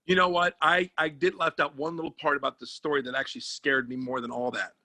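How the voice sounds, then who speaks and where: High, bright-voiced male comic storyteller. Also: level tone, fast, no room sound. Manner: profane, punchy storyteller. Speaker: comedian and sports agent guest.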